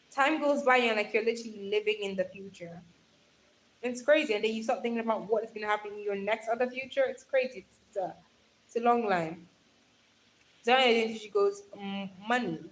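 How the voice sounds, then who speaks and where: Young woman, slightly high voice, casual livestream host, affectionate and chatty, talks into a handheld phone. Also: a little hiss or hum, low-quality recording. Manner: chatty, affectionate, calls viewers darling, laughs often. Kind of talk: casual livestream chat reading comments. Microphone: phone held in hand.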